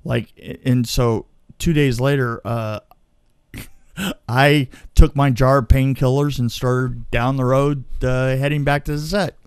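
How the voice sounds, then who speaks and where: A man's voice: mid-range voice, fairly even intonation, slow pace, a little mellow, clear, resonant tone, no echo, clean studio sound. A man telling a long personal story in casual chat, laughing often and restarting his sentences. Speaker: storyteller guest. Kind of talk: casual anecdote.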